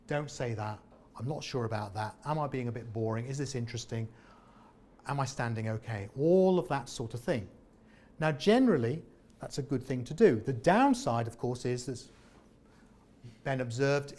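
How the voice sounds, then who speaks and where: A man, a former comedian, leading a lively interactive workshop on presenting and asking the audience questions. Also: mid-range voice. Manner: animated, jokey, questions the audience. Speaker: presentation trainer. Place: meeting room with an audience.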